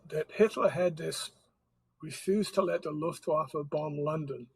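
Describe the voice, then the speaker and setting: A man's voice: fairly high pitch, breathy edge, rough recording. A man, an author guest in an interview, explaining history in a storytelling way. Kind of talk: interview conversation.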